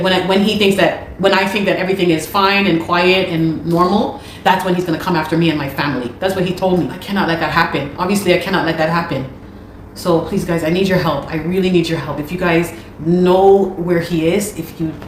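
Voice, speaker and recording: A woman, a musician, speaking urgently and repetitively to her viewers, pleading for their help. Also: fairly low pitch. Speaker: musician and video host. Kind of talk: personal appeal to viewers. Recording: echoey room with faint noise.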